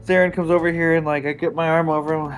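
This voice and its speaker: A man with a high voice playing a tabletop game. He talks haltingly, tripping over and restarting his words, with faint music in the background. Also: flat delivery. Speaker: player.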